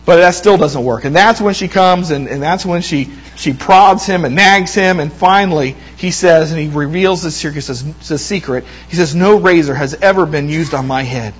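A man with a notably high voice preaching a sermon. He retells a scripture story with animated quoted lines and often restarts his words. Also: moderate pace, few pauses, breathy edge, poor audio.

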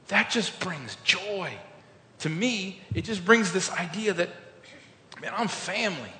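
A man's voice: high voice, lively intonation, slow pace, long pauses. Man preaching in an echoey hall. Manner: informal, storytelling, builds to loud emphatic peaks. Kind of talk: conversational sermon.

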